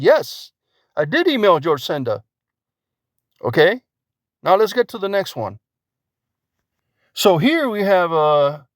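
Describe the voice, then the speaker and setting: A man rants indignantly to his channel, stacking up rhetorical questions as he reads out screenshots. His pitch sits fairly high and swings a lot. He is recorded close on a dry mic at home. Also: no room sound. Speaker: YouTube channel host. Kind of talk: angry vlog rant reading screenshots.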